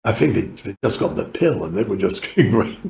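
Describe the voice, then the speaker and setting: A man's voice: lowish voice, big pitch swings, fairly quick, creaky, a little mellow, roomy sound, slight background noise. A man in his eighties with a British accent, telling long rambling stories as a podcast guest, laughing often and swearing casually. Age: 80s. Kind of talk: rambling anecdotal storytelling.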